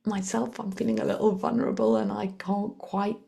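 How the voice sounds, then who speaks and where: A woman talks as a podcast guest, with a mid-range voice. She tells her stories in quick, lively bursts, acting out the bits of talk she quotes. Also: medium pitch, vocal fry. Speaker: guest, author and executive coach. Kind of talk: conversational storytelling.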